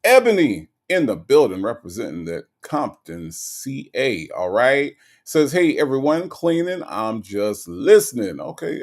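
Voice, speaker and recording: A man hosts a relaxed livestream and greets his chat viewers one by one. His low voice has a gravelly edge. His pitch swings widely as he reacts to each comment. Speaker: livestream host.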